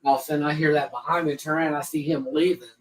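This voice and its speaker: A man's voice: on the high side, steady tone, racing, distant mic, low-quality recording. A man on a casual podcast, telling a rambling, profane story and acting out what people said. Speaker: podcast co-host.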